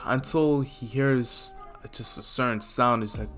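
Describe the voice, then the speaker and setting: A man's voice: mid-range voice, slow. Casual young man telling a fan story. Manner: rambling, filler-heavy, relaxed. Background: faint lofi music.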